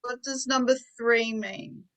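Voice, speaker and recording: A woman's voice: on the high side, steady tone, slow, muffled recording. A woman teaching an online English class, patiently explaining words with simple examples.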